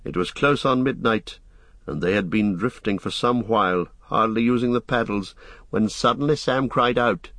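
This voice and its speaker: A man reading a fantasy story aloud as an audiobook narrator, in a steady storytelling manner. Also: lowish voice, moderate pace, no echo. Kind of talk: scripted narration.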